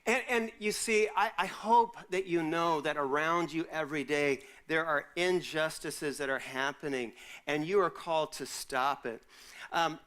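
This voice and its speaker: A man, a pastor, preaching a sermon and telling a personal story with lively acted-out dialogue. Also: on the high side. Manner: animated storyteller, acts out quoted voices. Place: university chapel or auditorium.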